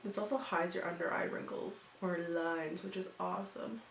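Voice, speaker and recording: A woman's voice: lowish voice, fairly even intonation, normal speed, creaky, echoey room, a little hiss or hum. A woman in her twenties, a beauty vlogger, chatting casually through a makeup tutorial with lots of fillers. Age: 20s. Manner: chatty, filler-heavy, upbeat.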